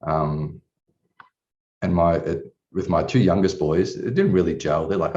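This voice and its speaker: Bloke in his 40s, candid client story, deep dark voice, muffled distant recording. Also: normal speed. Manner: candid, rambling, swears casually. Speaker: coaching client. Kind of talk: personal story at a retreat. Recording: distant, dull room recording.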